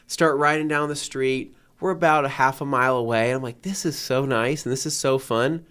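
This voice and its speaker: A man's voice: medium pitch, fairly even intonation, brisk, a bit bright, clean tone. A man in his thirties, a podcast co-host, telling a story in casual chat and acting out his own reactions.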